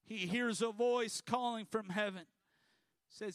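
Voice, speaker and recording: A man's voice: sits high, fairly even intonation, slow, a bit bright, dry recording. A male pastor preaching a sermon emphatically, prompting the congregation to repeat after him.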